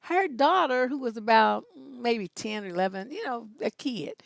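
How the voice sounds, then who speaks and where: A woman in her fifties hosting an advice show, telling stories bluntly with loud, profane emphasis. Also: fairly high pitch, animated, moderate pace, gravelly, dry recording. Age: 50s.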